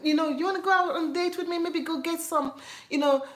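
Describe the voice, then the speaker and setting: A woman mimicking a gushing young American college guy, squeaky high. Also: steady tone, fast talker. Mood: coaxing. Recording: echoey room.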